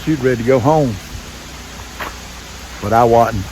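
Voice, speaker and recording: A man's voice: mid-range voice, unhurried, a little mellow, slight background noise, poor audio. An older man, rambling in a folksy way while filming himself hiking a wooded trail, a little out of breath. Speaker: RV vlogger. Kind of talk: casual hiking vlog narration. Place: wooded trail outdoors by a waterfall. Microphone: handheld camera while hiking.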